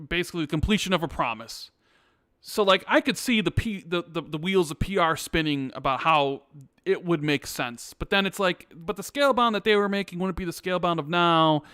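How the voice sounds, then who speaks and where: A man's voice: fairly high pitch, fairly bright tone, smooth, dry recording, studio quality. A man hosting a casual gaming podcast, reading out viewer messages and teasing his co-host. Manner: reads viewer messages aloud.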